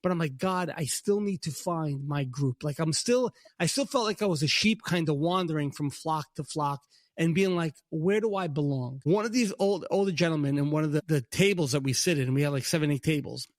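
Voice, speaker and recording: High-voiced Brooklyn man telling a story. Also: a little fast, no echo, studio quality. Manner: animated storyteller, acts out God's lines in a higher voice. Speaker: podcast co-host. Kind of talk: casual faith podcast chat.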